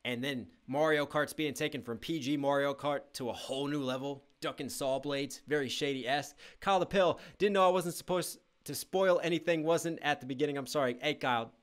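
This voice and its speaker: A young man hosting a live music reaction stream, reading chat aloud, breaking into shouts and explaining rhyme schemes. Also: fairly high pitch, a little fast, few pauses.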